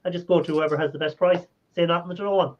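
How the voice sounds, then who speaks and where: Easygoing man, a bit higher voice, lo-fi dull line. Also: fairly even intonation, fast. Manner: easygoing, laughs often. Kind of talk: casual chat. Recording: dull lo-fi sound.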